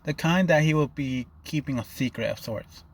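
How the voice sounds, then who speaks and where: A man's voice: a little high, moderate pace, a little hiss or hum. A man narrating an improvised fan fiction story in a loose, rambling way, often stopping to rephrase.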